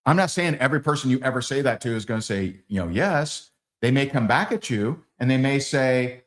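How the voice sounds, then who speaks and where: A man leading a live sales training, acting out both sides of sales calls in lively quoted dialogue. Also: mid-range voice, fairly quick.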